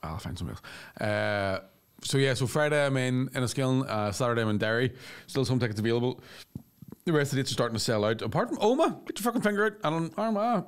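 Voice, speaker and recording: A man with a Northern Irish accent, co-hosting a podcast, telling a story in a sweary, animated way. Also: mid-range voice, fast talker, clear, resonant tone. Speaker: podcast co-host and comedian. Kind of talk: casual comedic chat.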